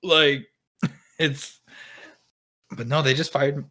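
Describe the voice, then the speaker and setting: Young man, podcast co-host, bright edgy voice, blunt, profane, wisecracking. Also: fairly high pitch, steady tone, very slow. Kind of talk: casual chat.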